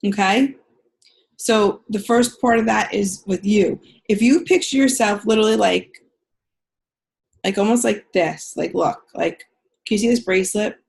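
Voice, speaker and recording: Gravelly-voiced woman coaching someone over a video call, blunt and direct. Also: medium pitch, unhurried. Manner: direct, frank, swears casually. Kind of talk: coaching session on a group call.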